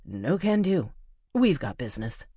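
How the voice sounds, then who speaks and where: A woman's voice: sits low, big pitch swings, a little slow, warm tone, breathy edge, no echo, studio quality, full character voice. A woman voicing a cheerful young male coyote spirit in human form, who talks in an easygoing, amiable way.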